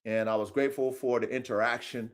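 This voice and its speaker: A man hosting a podcast, giving a profane, preachy motivational monologue that swings from low mutters to shouts. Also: fairly even intonation, quick pace. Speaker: podcast host.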